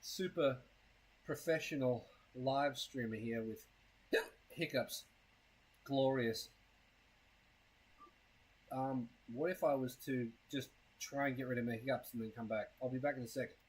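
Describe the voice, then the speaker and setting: A man's voice: mid-range voice, fairly even intonation, measured pace, pauses often, slightly rough, rough recording. A man chatting casually on a live stream, rambling and crude, with a self-mocking tone and a case of hiccups. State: has hiccups.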